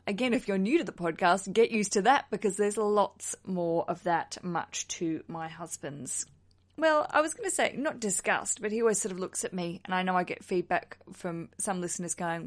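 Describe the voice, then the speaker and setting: A woman's voice: mid-range voice, moderate pace. A woman hosting her own solo podcast, chatting in a bubbly, self-mocking way with frequent rambling restarts. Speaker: podcast host.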